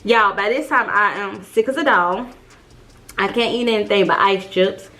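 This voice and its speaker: A young woman telling a storytime vlog, chatty and lively, calling her viewers y'all. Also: medium pitch, normal speed. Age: young adult. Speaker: vlogger.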